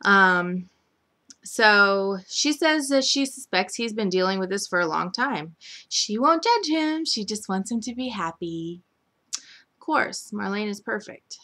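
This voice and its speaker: A woman's voice: mid-range voice, unhurried, pushed and bright. A woman casually recapping a week of a soap opera, rambling with lots of "like" and "um". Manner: rambling, filler-heavy with frequent "like" and "um".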